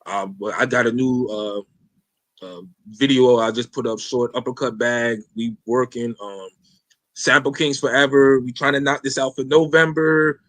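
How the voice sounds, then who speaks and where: A man's voice: medium pitch, fairly even intonation, measured pace, a bit bright, no room sound. A man hosting a casual podcast, talking loosely in slang with lots of fillers and swearing. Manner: loose, rambling, profane slang with many fillers. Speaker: podcast host.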